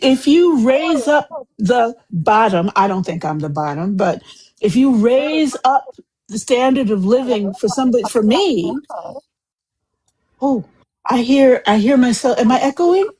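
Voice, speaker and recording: Chatty husky woman hosting live. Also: fairly high pitch, expressive, measured pace, low-quality recording. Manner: chatty, rambling, warm and effusive. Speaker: host of a live book club discussion. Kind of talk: casual live group chat.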